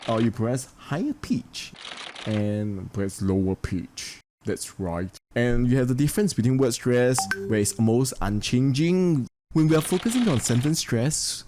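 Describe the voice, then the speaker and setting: A man with a Singaporean English accent delivers an English lesson as a voice-over, slowing down to stress the words in his example sentences. His voice is mellow and relaxed. A faint hum of room noise sits under his voice. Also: mid-range voice. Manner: explains step by step, speaks example sentences slowly with stress. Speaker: English teacher. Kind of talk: instructional lesson.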